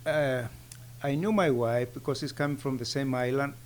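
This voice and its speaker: A man in his sixties from Greece with a Greek accent, a guest in a casual interview, speaking in plain, halting sentences with simple grammar. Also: medium pitch.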